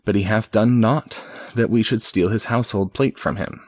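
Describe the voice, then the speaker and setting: A man reading the lines of an honorable outlaw leader in slow old-fashioned speech, with a husky voice. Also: lowish voice, steady tone, a little mellow, lightly acted. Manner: slow archaic storybook delivery.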